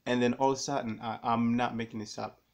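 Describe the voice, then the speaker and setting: A man vlogging to camera, telling a personal story in a rambling, animated way and repeating himself often. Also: mid-range voice, quick pace, vocal fry.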